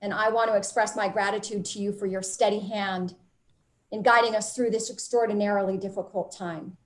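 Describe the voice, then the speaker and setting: A woman city mayor giving formal, measured remarks of gratitude at a press event. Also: mid-range voice, fairly even intonation, rough recording.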